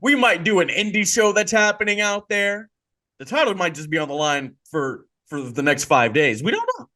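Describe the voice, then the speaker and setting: Excitable male podcast host. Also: normal speed. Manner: excitable, hypes things up, trails off into a low mutter. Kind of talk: casual chat.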